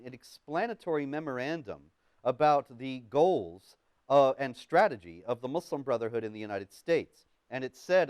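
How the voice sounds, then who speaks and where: Guy hosting a political talk show, smooth clear voice, dry close sound, talks steady and measured. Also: medium pitch, dry recording. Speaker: host.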